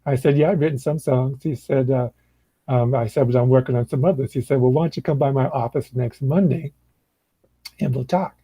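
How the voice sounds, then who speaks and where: A man's voice: medium pitch, a little fast, husky, no room sound, rough recording. An older man, a blues musician, telling stories at an easy pace in a casual chat and acting out what others said. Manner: relaxed storyteller who acts out dialogue. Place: indoor room.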